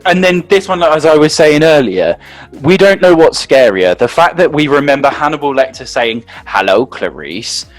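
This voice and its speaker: A man's voice: fairly high pitch, lively intonation, normal speed, faint music behind. A man co-hosting a casual chat, talking animatedly, laughing often and leaning on "like" as a filler. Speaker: co-host.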